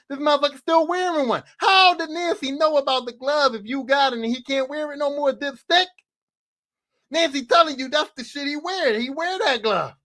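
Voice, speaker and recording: A man hosting a podcast, going on a profane, animated comedic rant and talking straight at the character he mocks. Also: very high-pitched. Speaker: podcast host. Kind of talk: comedic rant about horror movies.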